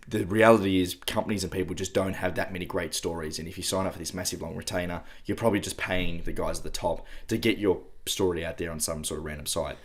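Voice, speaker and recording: A young adult man with an Australian accent, co-hosting a casual chat, relaxed and swearing, often repeating words. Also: low-pitched, fast talker. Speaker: podcast co-host.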